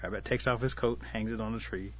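A man telling a traditional animal tale in an unhurried, folksy way, giving the animals light voices of their own. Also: fairly low pitch, steady tone, dull audio. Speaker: storyteller. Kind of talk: oral storytelling of a traditional tale.

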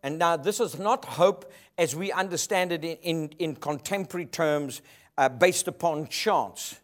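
High-voiced emphatic male preacher. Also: unhurried. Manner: emphatic, call-and-response preaching. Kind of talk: sermon.

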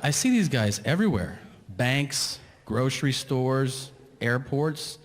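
A man doing a stand-up comedy set, telling his story in an incredulous, ranting way that climbs toward shouting. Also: medium pitch, very animated, slow pace. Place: large theater stage with audience. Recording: live hall with long reverb and audience noise. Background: audience laughter.

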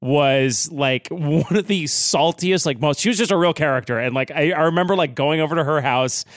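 A man's voice: on the high side, moderate pace, no room sound, clean studio sound. A man co-hosting a podcast, telling stories in loose casual chat full of fillers. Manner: animated storyteller, many "like" fillers. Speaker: podcast co-host.

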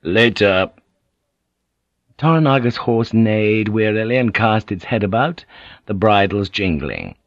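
Low-voiced male audiobook narrator. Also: moderate pace, no room sound, muffled recording. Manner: steady, descriptive reading. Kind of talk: scripted narration.

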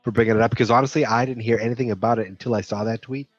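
A man co-hosting a casual podcast who drops dry, deadpan quips. His voice comes through a slightly dull, muffled mic in a dead, dry-sounding room. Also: mid-range voice, very fast, breathy edge, no echo. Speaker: podcast co-host.

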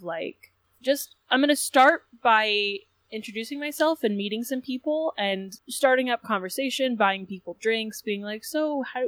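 A woman's voice: medium pitch, fairly bright tone, no echo. A woman playing a tabletop game, chatty and swearing casually. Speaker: player.

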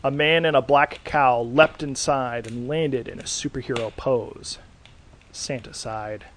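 A man narrating a scripted horror story in a dry, deadpan reading. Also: medium pitch, measured pace, slight background noise. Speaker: podcast host and reader.

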